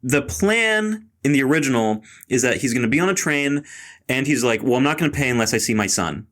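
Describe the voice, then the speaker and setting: A man on a casual film podcast, retelling movie scenes in an animated way. He laughs often as he walks through the plot. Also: medium pitch, brisk. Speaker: podcast host.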